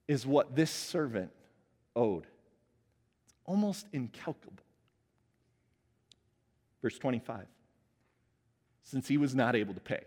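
A man preaching a sermon as pastor, conversational and animated, laughing at his own asides. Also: medium pitch, unhurried, long pauses. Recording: long hall reverb.

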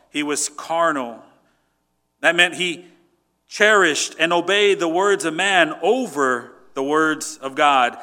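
A male pastor preaching with a bright, forceful tone and a fairly high voice. He drives points home emphatically, then drops to quiet, low asides. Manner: emphatic, swings from loud to quiet. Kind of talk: sermon.

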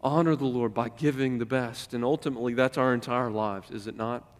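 A man's voice: medium pitch, fairly even intonation, a little fast, big-room sound. A man preaching a sermon, speaking emphatically with questions to the congregation. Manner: emphatic, rising and falling in volume, addresses the congregation with questions. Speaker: pastor.

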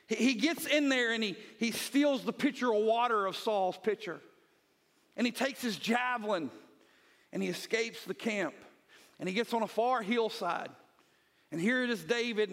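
A pastor preaching a Sunday sermon, retelling scripture as vivid storytelling and hammering points home with repeated phrases. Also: male voice, very high-pitched, fairly bright tone.

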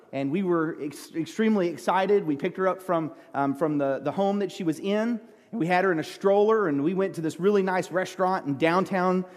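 In a church sanctuary, a middle-aged male pastor delivers a sermon built around a personal story, his slightly high voice trailing a long reverb. He speaks earnestly but haltingly, frequently starting his sentences over.

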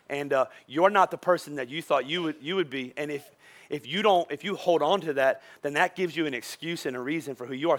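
A male pastor preaching a sermon, telling stories in an animated way with frequent restarts. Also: fairly high pitch.

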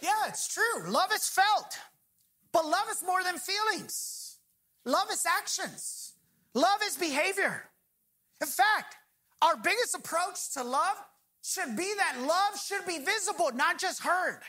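High, bright-voiced woman preaching a sermon. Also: lively intonation. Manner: emphatic preaching, slowing on key phrases, prompting the congregation to finish lines. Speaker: pastor.

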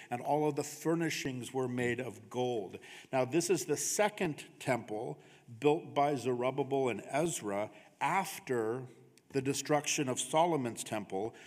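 A man preaches a sermon at a medium pitch, in a loose, conversational way, often checking in with the congregation. His voice carries the long reverb of a church hall. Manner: conversational preaching, frequent "right?" tags. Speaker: pastor. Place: church sanctuary.

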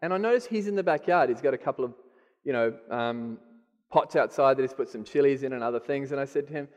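A man's voice: medium pitch, quick pace, a little mellow. A middle-aged man with an Australian accent giving a candid, self-deprecating sermon testimony. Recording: long hall reverb.

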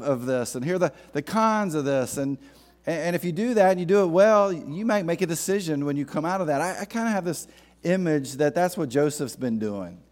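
A man preaching in a relaxed, conversational way, with a slightly raised pitch. He tells stories and slips in jokes. The delivery has the casual feel of a pastor talking to his congregation. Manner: conversational, joking, storytelling. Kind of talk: sermon.

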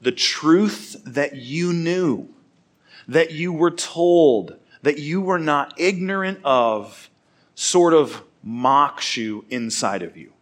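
A man's voice: on the high side, slow pace. A man giving a sermon, telling a funny personal story in a casual, chatty way. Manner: casual, chatty, laughs through his story. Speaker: preacher.

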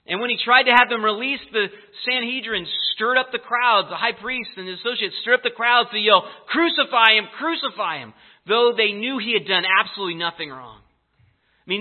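Preacher guy, pretty high voice, gets emphatic, sounds like it's over a phone line. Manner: animated storytelling preacher, emphatic. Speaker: pastor. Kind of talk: sermon. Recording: tinny phone-like audio.

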